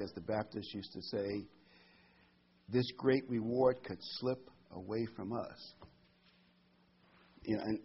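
Husky-voiced man preaching a sermon. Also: medium pitch. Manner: conversational preaching with rhetorical questions. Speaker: pastor. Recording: dull lo-fi recording.

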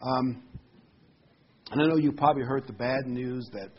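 A man's voice: mid-range voice, normal speed, husky. A man preaching an informal sermon, speaking in a conversational way with fillers and asides. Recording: slightly dull recording with faint hiss.

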